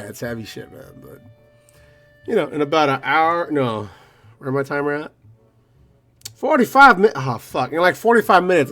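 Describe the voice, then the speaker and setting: A man's voice: medium pitch, fairly bright tone. A young man hosting a let's play, reading a visual novel aloud with profane, rambling, joking asides, slightly out of breath. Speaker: gaming video host.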